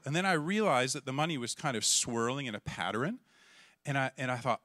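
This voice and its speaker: A middle-aged man from Canada, a pastor telling a lively story in a sermon and acting out the voices in it. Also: fairly high pitch, moderate pace, no echo, clean studio sound. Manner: animated, acts out voices and shouts in the story.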